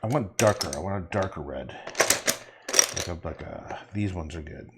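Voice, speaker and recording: A man's voice: sits low, moderate pace, heavy background noise. A man painting on a livestream, talking casually in a rambling way, swearing and muttering to himself as he works.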